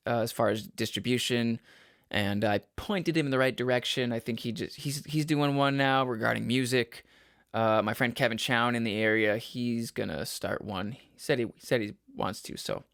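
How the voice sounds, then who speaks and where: A young man from Michigan's Upper Peninsula hosting his own podcast, rambling and cutting himself off, laughing at his own jokes and breaking into loud yells. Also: medium pitch, creaky, dry recording, studio quality. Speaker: podcast host. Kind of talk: casual solo podcast chat.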